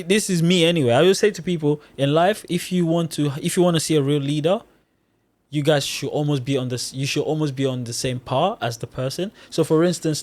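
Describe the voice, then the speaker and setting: Man, young adult, from Nigeria, podcast guest, animated storyteller, acts out quotes, fairly high voice. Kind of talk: casual podcast chat.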